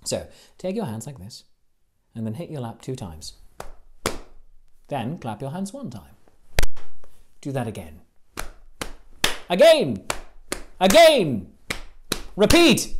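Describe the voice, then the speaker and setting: A woman's voice: very deep voice, sing-song, unhurried, pauses often, background noise. A woman hosting as a jokey Shakespeare, playful and theatrical, often laughing as she leads the audience. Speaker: host. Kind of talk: comedic audience-participation hosting.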